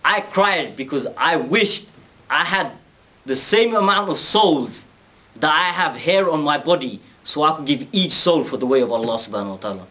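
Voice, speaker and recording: A man voicing a steadfast, devout male captive in a retold story, speaking slowly and earnestly. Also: a little high, expressive, sharp tone.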